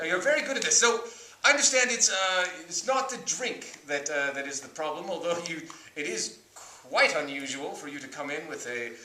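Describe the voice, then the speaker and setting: A man on stage improvising a fussy male therapist, speaking politely and haltingly with frequent chuckles. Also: on the high side, expressive, sharp tone, a little hiss or hum. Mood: politely probing. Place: comedy stage. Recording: echoey room, mic at a distance.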